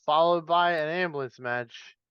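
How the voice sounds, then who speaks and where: A man's voice: a little high, normal speed, clean tone, no echo, muffled recording. A man hosting a podcast, leading casual wrestling chat and laughing easily. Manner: leads questions, laughs easily. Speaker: podcast host.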